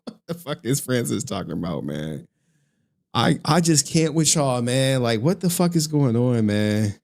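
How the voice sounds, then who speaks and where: A man chats loosely with viewers on a live stream, swearing freely and grumbling about his chat in a casual, rambling way. His pitch swings high and low, and he sounds very animated yet unhurried, with vocal fry, long pauses, and a darkish tone.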